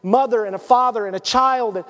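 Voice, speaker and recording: A man preaching a sermon as pastor, conversational and storytelling, dropping to hushed tones at emotional moments. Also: very high voice, normal speed. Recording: long church hall reverb.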